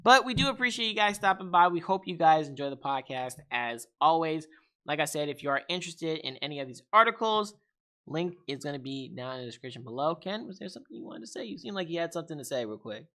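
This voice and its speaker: Animated young man hosting a podcast. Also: a little high, fast talker. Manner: animated, laughing, acts out gadget voices. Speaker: podcast host. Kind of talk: casual tech podcast chat.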